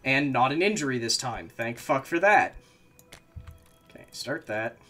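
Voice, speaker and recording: A man's voice: medium pitch, expressive, a little slow, bright, forceful tone, soft background music. A man streaming a game, talking to himself as he plays and breaking into frustrated, swearing outbursts. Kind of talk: casual gameplay commentary.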